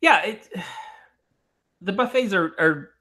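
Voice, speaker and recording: A man's voice: sits high, lively intonation, slow, bright, forceful tone. A man co-hosting a podcast, rambling in casual, profane banter and laughing often. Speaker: podcast co-host.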